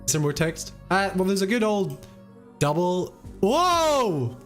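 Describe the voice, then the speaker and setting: A man streaming a playful role-play game as a wizard, teasing and mischievous with bursts of shouting, with faint music behind. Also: high-pitched, very animated, takes it slowly.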